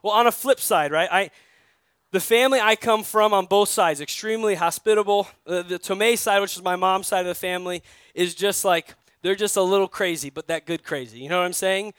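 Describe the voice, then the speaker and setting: A New York pastor preaches in a high, smooth, resonant voice, telling stories conversationally and often putting direct questions to his listeners. He talks a little fast with a slightly bright tone, and the close recording is dry, with no echo.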